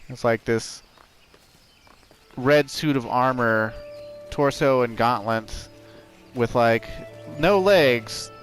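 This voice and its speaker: Man, casual gameplay commentary, rambling with fillers, game music clear behind. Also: mid-range voice, slow pace, pauses often. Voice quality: rambling, with many "like" fillers and restarts. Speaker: let's play host.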